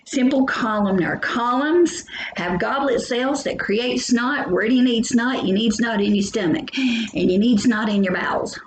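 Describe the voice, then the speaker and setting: A woman's voice: on the high side, measured pace. Lady teaching bio, jokey and chatty, roomy echo, a bit of hum. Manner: chatty, jokey, talks straight to students. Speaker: biology teacher. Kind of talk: recorded lecture. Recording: echoey room, faint hum.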